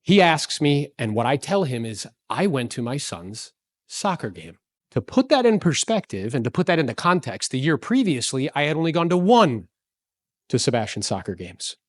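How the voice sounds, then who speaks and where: A man in his forties giving an energetic motivational talk to a live audience, telling stories and asking the crowd questions. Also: medium pitch, dry recording, studio quality. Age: 40s. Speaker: real estate speaker.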